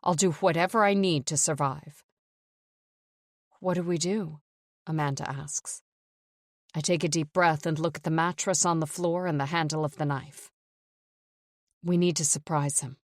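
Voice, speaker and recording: A woman narrating a first-person thriller audiobook in a tense, measured way, close to the mic. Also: sits low, steady tone, no room sound.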